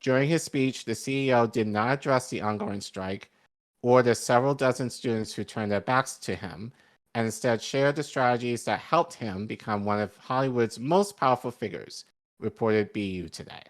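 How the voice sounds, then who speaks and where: A man co-hosting an online news show, reading an article aloud with comments, halting with ums and self-corrections, a hint of a Boston accent slipping in. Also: mid-range voice. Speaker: podcast co-host.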